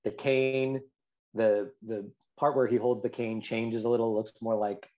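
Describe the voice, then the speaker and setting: A man's voice: lowish voice, little pitch movement, a little slow, dark tone. A man in casual chat, retelling scenes with hesitant restarts. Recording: dull lo-fi sound.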